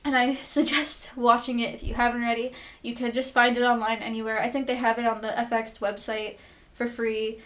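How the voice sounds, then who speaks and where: Young woman vlogger, fairly high voice, chatty and excitable, swears freely, acts out the quotes. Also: fairly quick. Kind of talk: casual TV episode recap.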